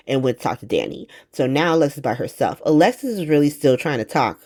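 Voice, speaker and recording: A woman recapping a soap opera in a casual vlog, talking in a slangy, profane, animated way. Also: low-pitched, fast talker.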